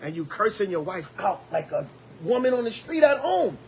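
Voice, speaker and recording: A man preaching a Bible lesson as an elder, lively, with call-and-response and acted-out quotes. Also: high voice, moderate pace, gravelly, slight background noise.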